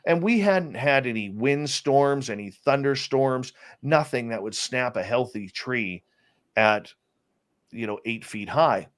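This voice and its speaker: A man in an interview chat tells a personal story with animated energy. His voice sits at a middling pitch, and he often stumbles and restarts his sentences. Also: a little slow. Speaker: interview guest, radio host.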